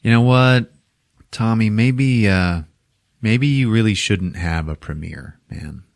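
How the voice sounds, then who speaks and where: A man's voice: on the low side, slow pace, vocal fry, dry recording, clean studio sound. A man voicing a blunt young actor who is fed up, in a near-natural voice. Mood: weary. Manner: exasperated, swearing.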